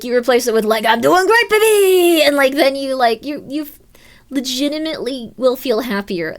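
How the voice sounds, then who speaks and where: Chatty upbeat woman streamer, swooping pitch. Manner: rambling, upbeat, lots of fillers and restarts; swoops high into excited quoted voices. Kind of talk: casual chat with viewers.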